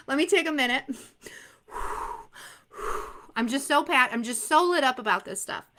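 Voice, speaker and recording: Bright, high-voiced energetic woman instructor. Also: slow. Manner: energetic and emphatic, laughs often. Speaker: exam prep instructor. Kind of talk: motivational talk to students.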